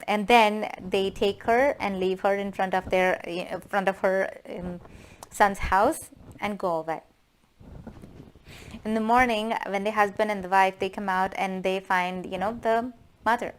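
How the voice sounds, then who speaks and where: A woman's voice: medium pitch, steady tone, a little slow, clear, resonant tone. A woman casually retelling a folk tale in a loose, chatty way with many fillers. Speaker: storyteller.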